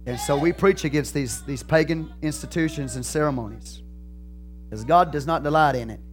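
A man with a Texan accent, a pastor preaching a sermon, moving from calm teaching to loud, fervent preaching. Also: on the high side, moderate pace, faint music behind.

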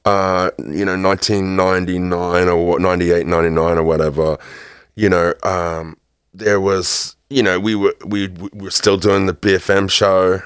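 Low gravelly man, faint American twang. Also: flat delivery, moderate pace, no room sound, clean studio sound. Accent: mixed accent with a soft American twang. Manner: rambling, full of restarts and "you know". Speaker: radio DJ and presenter, guest. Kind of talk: casual storytelling chat.

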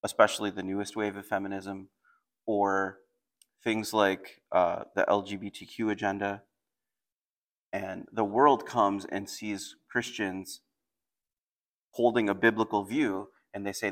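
A pastor preaches a sermon, explaining a passage plainly and then reading scripture aloud with mounting intensity. His voice is lowish, a bit bright, and flat, with a measured pace and frequent pauses.

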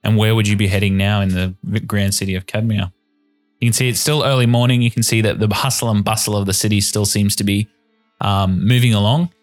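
A man's voice: on the low side, fairly even intonation, fairly quick, no echo, clean studio sound, faint music behind. A man narrating as game master of a tabletop game, descriptive with frequent ums and uhs.

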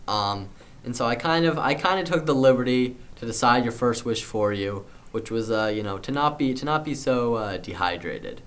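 A man's voice: medium pitch, lively intonation, moderate pace, fairly bright tone, lightly acted. A man voicing a laid-back male cobra that guards a lever, talking in an offhand, rambling way with fillers.

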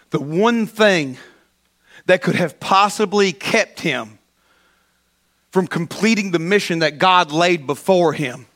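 A high-voiced man preaching a sermon to his church. He tells the story with drama, climbing to shouts and sinking to whispers. He stumbles and repeats words as he goes. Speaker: pastor.

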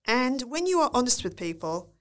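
A woman's voice: a little high, normal speed. A woman guest in a podcast interview, talking animatedly and acting out the lines of people she describes. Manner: animated, acts out quotes in varied voices. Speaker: guest, former reality TV producer and speaker. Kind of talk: casual interview chat.

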